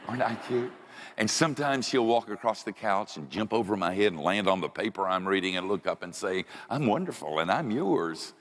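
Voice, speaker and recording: A vain little girl dog, prissy and pleased with herself, as a male preacher voices her, her pitch pushed high and swooping. The voice is sweet and pleading, and long reverb trails behind it in a big church hall. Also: expressive, brisk, fairly bright tone. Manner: sweet, self-satisfied pleading.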